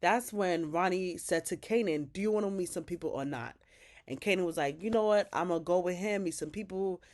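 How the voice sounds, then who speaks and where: A woman's voice: on the low side, fairly quick. Chatty woman recapping a TV episode. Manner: chatty, filler-heavy retelling with quoted dialogue; opinionated asides, profane slang. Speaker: TV recap host.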